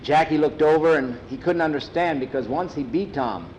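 A man telling a story aloud in a plain, unhurried, homespun way. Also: a little high, lo-fi sound, a little hiss or hum. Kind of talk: oral storytelling.

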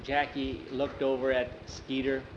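A man telling a story in an unhurried, drawn-out way and acting out the characters' dialogue. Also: medium pitch, completely flat delivery, lo-fi sound, a little hiss or hum. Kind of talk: told story with acted dialogue.

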